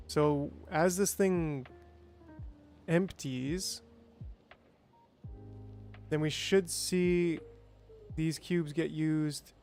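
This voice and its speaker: A man's voice: fairly high pitch, a little mellow. A man streaming a game, chatting casually and thinking aloud, with playful sound effects. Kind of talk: casual gameplay livestream chat.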